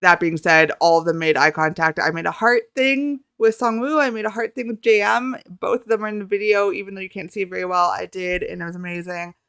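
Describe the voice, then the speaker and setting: A young woman from Canada, telling a rambling, excitable story about meeting a group in a casual vlog, talking close to the mic. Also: medium pitch, brisk, few pauses, smooth, dry recording. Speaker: YouTuber.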